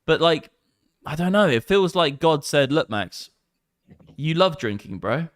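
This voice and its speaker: A man in his thirties with an English accent, rambling excitedly and swearing often on a casual livestream. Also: fairly high pitch, measured pace, dry recording, clean studio sound. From England. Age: 30s. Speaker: crypto streamer.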